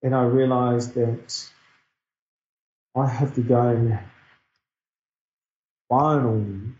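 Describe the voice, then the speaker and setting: A man's voice: medium pitch, steady tone, slow pace, a little mellow. A middle-aged man from New Zealand with a New Zealand accent, telling a personal story in an earnest, reflective way during an interview. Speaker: guest speaker. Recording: dull, echoey recording.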